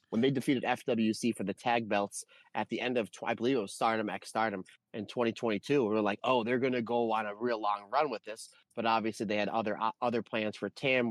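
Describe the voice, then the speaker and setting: A man co-hosting a podcast, talking through wrestling matches in a rambling, animated way. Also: on the low side, no room sound. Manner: rambling, animated, lists names. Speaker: podcast co-host. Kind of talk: casual wrestling review chat.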